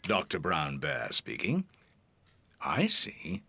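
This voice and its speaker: A man voicing a kindly male bear doctor in a cartoon, calm and gentle, with loud background noise. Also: low voice, takes it slowly, vocal fry, heavily acted. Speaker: doctor character. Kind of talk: cartoon voice acting.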